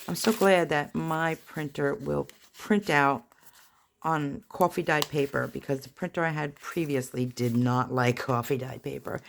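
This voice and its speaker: A woman with a low, gravelly voice talks casually as she pages through a handmade journal. She rambles and pokes fun at herself, and paper crinkles under faint noise. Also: unhurried. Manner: chatty, rambling, self-deprecating asides. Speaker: junk journal crafter. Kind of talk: casual flip-through narration. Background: paper rustling and crinkling.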